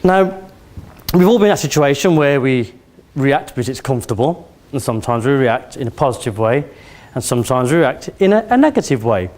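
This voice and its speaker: Before an audience in an event hall, a competition speaker in his forties from Birmingham, England delivers a motivational talk in his Birmingham accent, pulling listeners in through questions and anecdotes. His mid-range voice is brisk and darkish, with big swings in pitch.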